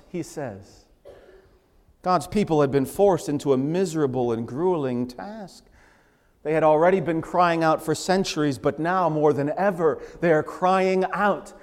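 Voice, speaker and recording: A man preaching a sermon in a fairly high voice, leaning hard into the scripture he quotes. His words ring out with a long reverb through a church sanctuary. His delivery stays emphatic throughout. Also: a little mellow. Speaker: pastor.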